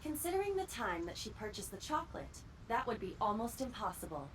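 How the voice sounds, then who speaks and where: A woman's voice: fairly high pitch, very animated, a little fast, slight background noise. An actress voicing a cool, literal-minded female AI assistant in a video game, speaking precisely and matter-of-factly. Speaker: game character. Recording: distant game voice under music. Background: music.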